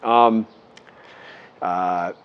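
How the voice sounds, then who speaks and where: Guy vlogging, kinda low voice, rambles and restarts a lot, dull lo-fi audio. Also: fairly even intonation, drawn-out words, clean tone. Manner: rambling, earnest, with many restarts. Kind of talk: casual storytelling to camera.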